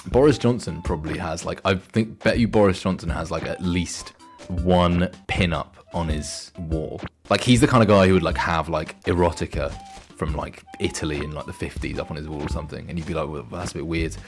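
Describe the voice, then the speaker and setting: A man's voice: sits low, fairly quick, soft background music. A young man streaming a game, rambling and joking crudely in casual banter. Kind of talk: casual gaming stream commentary.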